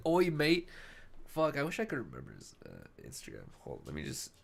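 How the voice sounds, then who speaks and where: A man's voice: extremely low pitch, wildly swooping pitch, fast, gravelly, fairly bright tone, slightly rough. Young man rambling a slangy story. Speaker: podcast host. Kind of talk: casual after-show chat.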